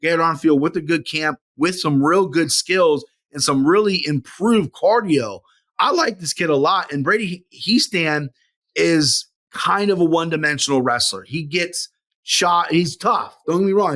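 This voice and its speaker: Higher voiced guy on a sports podcast, animated, swears casually while giving picks. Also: normal speed. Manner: animated, profane, laughs easily. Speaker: podcast co-host and analyst.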